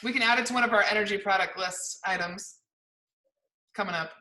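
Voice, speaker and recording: A woman's voice: mid-range voice, fairly quick, bright, forceful tone. A woman co-hosting a podcast over a video call, chatting casually and bursting into laughter often. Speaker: podcast co-host. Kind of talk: casual chat. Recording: roomy video call audio.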